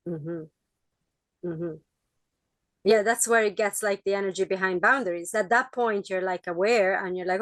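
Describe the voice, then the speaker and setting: A woman's voice: medium pitch, moderate pace, long pauses, fairly bright tone, no room sound. A woman hosting a podcast interview, speaking in an affirming, reflective way. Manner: affirming, reflective, frequent mm-hmms. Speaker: podcast host. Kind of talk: casual interview chat.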